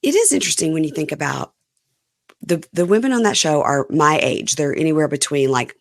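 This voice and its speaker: A woman in her fifties hosting a podcast, her voice hoarse and going out as she chats candidly about reality TV. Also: low voice, a little fast, dry recording. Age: 50s. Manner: chatty and candid, animated asides. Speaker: podcast host. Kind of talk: casual reality TV recap chat.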